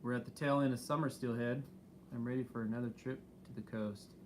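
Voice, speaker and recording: A man co-hosts a casual live stream for a channel, talking in an easygoing, rambling way with lots of fillers. His voice is medium-pitched with fairly even intonation and a fairly quick pace, and there's a little hiss or hum in the audio.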